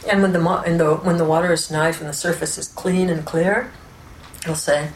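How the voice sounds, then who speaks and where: Calm woman teaching in a roomy space. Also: low-pitched, normal speed. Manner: calm, explanatory, with frequent "right?" and "you know". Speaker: spiritual teacher. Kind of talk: unscripted spiritual teaching talk. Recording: roomy echo with faint background noise.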